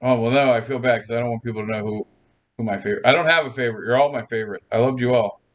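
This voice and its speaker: A man's voice: medium pitch, very fast, highs cut off. A man hosting a casual livestream, chatting with viewers in a rambling, playful way, laughing often and restarting his sentences. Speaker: livestream host.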